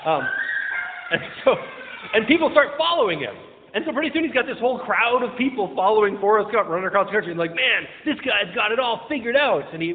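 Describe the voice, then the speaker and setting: Pastor, male, high voice, chatty and joking, lots of ums; echoing church hall. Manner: joking, self-deprecating, many fillers and restarts. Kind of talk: casual conversational sermon. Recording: tinny, phone-like sound in a reverberant hall.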